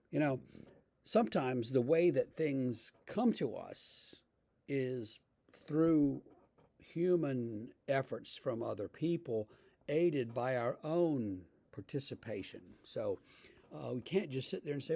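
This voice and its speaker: A male pastor giving a relaxed, conversational devotional talk, telling stories with frequent fillers. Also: mid-range voice, slow pace, vocal fry, husky, dry recording.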